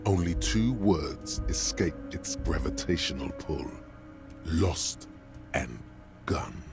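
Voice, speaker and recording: A man voicing a brooding inner voice of the mind that narrates slowly and intensely. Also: rumbling low, expressive, music in the background, heavily acted. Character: ominous male inner voice of the mind. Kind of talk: fan voice acting of a game.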